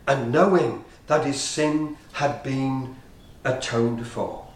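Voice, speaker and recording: A man preaching a sermon with rhythmic, repeated emphatic phrases. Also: on the high side. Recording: roomy, distant from the mic.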